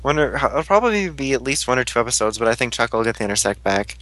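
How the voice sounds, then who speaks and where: A man's voice: medium pitch, big pitch swings, fairly bright tone, poor audio. A man in a casual chat, guessing what comes next and laughing easily. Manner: chatty, speculative, quick to laugh. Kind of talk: casual chat about a TV show.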